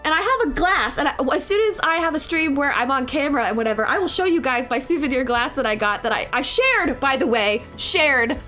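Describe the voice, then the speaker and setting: A woman's voice: sits high, expressive, a little fast, few pauses. A young woman streaming her digital art, telling a rambling story in a casual, chatty way, swearing freely and laughing often. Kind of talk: casual storytelling while drawing. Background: soft background music.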